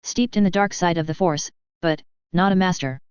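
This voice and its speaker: A cautious, thoughtful knight-master, voiced by a woman speaks quietly and with care. The voice is low and very clear. The sound is close and dry. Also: normal speed, dry recording, lo-fi sound, lightly acted.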